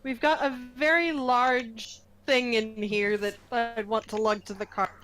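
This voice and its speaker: A woman's voice: on the high side, steady tone, a little slow, crowd noise. A woman playing in a tabletop game, chatting casually and hesitantly with frequent ums. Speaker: player.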